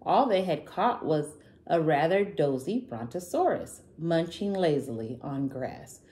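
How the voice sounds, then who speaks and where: A woman narrating a children's picture book aloud in a gentle, expressive way. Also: low-pitched, unhurried, echoey room. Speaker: children's storyteller.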